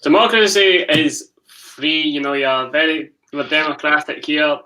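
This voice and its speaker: A man's voice: on the high side, fairly even intonation, measured pace, pushed and bright, recorded from a distance, low-quality recording. A man, a guest on a football stream, trading teasing banter in casual chat.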